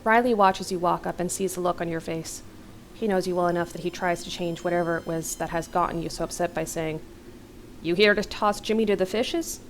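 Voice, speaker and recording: Host: woman narrating an interactive novel, steady, lower pitch, faint noise. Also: a little fast. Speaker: let's play host. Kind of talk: reading an interactive novel aloud.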